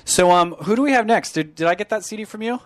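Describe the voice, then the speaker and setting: A man hosting an internet radio show, his voice sitting a little high and sounding dry and close to the mic. He chats casually, jokes around and swears freely. The talk is loose studio banter. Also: fast talker, no room sound. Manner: joking, animated, swears casually. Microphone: studio microphone.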